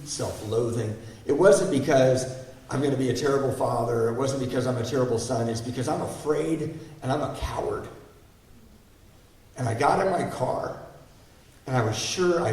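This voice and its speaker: A man's voice: mid-range voice, a little mellow. A man in his sixties telling a candid, self-deprecating personal recovery story to an audience, asking them questions as he goes. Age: 60s. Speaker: guest speaker. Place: large hall before an audience. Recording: echoey hall, mic far off.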